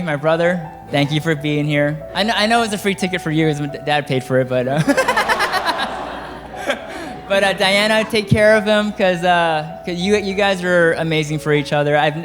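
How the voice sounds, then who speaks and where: Groom's toast, man with a raised voice, relaxed and joking, long hall reverb. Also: on the high side, normal speed, soft background music. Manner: relaxed, joking, with many fillers. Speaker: groom giving a wedding toast. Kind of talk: casual wedding speech. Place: large reception hall.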